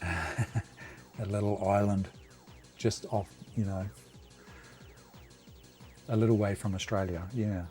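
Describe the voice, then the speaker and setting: Man, New Zealand accent, low-pitched, relaxed rambling livestream chat, faint music behind. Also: slow, long pauses. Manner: easygoing, rambling, chatty. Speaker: livestream host.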